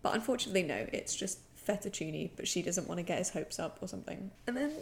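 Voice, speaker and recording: A woman's voice: lowish voice, animated, fast talker, vocal fry, slight background noise. A woman co-hosting a podcast in casual chat, ranting and exaggerating with plenty of swearing. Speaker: podcast co-host.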